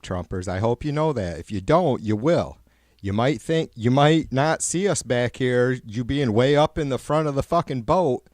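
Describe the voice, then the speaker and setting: A man hosting a livestream, ranting with heavy swearing and sarcasm, rambling and getting louder when worked up. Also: medium pitch, no echo, clean studio sound. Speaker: livestream host. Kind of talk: profane political rant.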